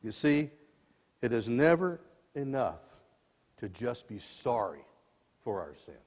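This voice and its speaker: A man in his sixties preaching a sermon as dramatic storytelling, swinging between loud and soft passages, in a church sanctuary. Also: mid-range voice, big pitch swings, slow, slightly rough. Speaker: lay preacher. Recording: long church reverb.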